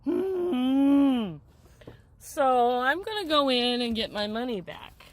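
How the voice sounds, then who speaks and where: A woman's voice: a little high, animated, normal speed, a bit bright, low-quality recording. A middle-aged woman talking to the camera in a rambling, agitated rant about a bad appointment. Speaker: vlogger.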